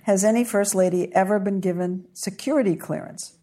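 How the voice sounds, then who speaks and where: A woman's voice: mid-range voice, a little fast, mellow, a little hiss or hum. A woman moderating a panel, reading audience questions and handing them to panelists with a light, laughing manner.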